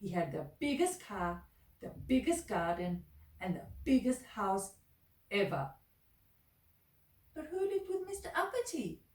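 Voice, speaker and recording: A woman reading a children's story aloud in an expressive, sing-song way. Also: mid-range voice, unhurried, pauses often. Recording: echoey room, mic at a distance.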